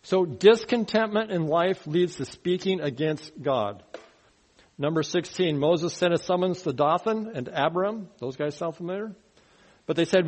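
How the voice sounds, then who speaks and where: Higher-voiced man preaching a sermon. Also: animated, normal speed. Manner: teaching, asks the congregation questions; mocking grumblers in a rising, louder voice. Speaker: pastor. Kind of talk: verse-by-verse sermon.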